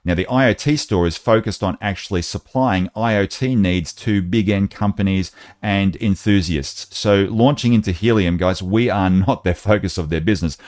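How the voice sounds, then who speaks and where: A man's voice: low voice, moderate pace, darkish tone, no echo, studio quality. A man hosting a casual update video, chatty and talking straight to his viewers as guys. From Australia. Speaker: host.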